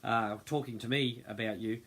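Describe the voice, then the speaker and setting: A man's voice: mid-range voice, steady tone, normal speed, a bit bright, slightly rough. A man hosting an unscripted livestream, rambling and often losing his train of thought. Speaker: host of a group livestream. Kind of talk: unscripted casual livestream talk.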